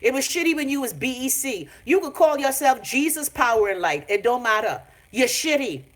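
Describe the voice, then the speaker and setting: Bahamian woman, bright voice, brash profane rant, phone mic at home. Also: high voice, expressive, moderate pace. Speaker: vlogger. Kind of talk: casual ranting live stream.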